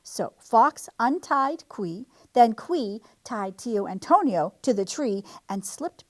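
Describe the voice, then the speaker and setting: Storytime reader, woman, expressive read-aloud, lively up and down voice. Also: on the high side, slow, few pauses. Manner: expressive, animated. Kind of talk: reading a picture book aloud.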